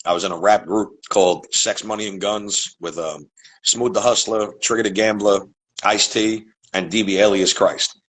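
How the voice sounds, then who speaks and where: A man's voice: on the low side, fairly even intonation, normal speed, a bit bright, rough recording. A man from Staten Island with a heavy New York accent, a rapper chatting bluntly as a podcast guest over a video call. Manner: blunt, streetwise, swears freely. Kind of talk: casual chat.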